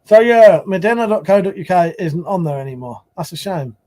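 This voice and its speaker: A man's voice: sits high, animated, fairly quick, mellow. A man hosting a casual live stream, rambling and swearing as he answers chat.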